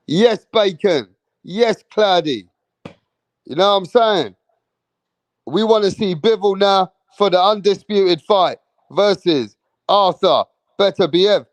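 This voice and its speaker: A man's voice: sits high, takes it slowly, no room sound. A man from England hosting a live boxing stream, hyped and profane, repeating his points. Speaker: boxing channel host.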